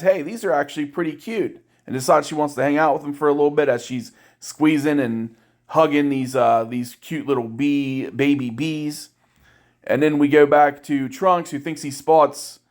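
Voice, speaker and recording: A man recaps an anime episode in a loose, conversational way. He tells it irreverently, drops crude jokes along the way, and briefly voices the characters without fully acting them. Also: medium pitch. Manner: irreverent, jokey retelling with crude asides. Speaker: anime reviewer.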